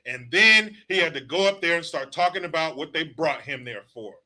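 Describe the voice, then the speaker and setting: A man's voice: a little high, animated, moderate pace, bright, forceful tone. A man hosting his own political commentary show, ranting bluntly and sarcastically with plenty of profanity.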